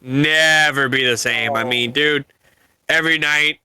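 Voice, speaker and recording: A man's voice: medium pitch, measured pace, pushed and bright, smooth, dry recording. A man hosting a podcast in casual chat, joking crudely and saying "bro" and "dude". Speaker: podcast host.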